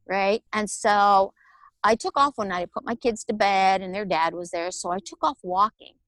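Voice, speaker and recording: A woman, telling her personal story as an interview guest in a candid, animated way. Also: medium pitch, moderate pace, no echo. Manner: candid, animated storytelling with laughs and acted-out quotes. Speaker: guest, author and alternative healer.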